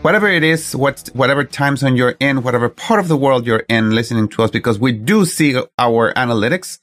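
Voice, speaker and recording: A man's voice: medium pitch, expressive, a little fast, a bit bright, faint music behind. A man hosting a podcast, chatting casually in a rambling, self-correcting way. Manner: rambling, restarts, chuckling. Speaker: podcast host.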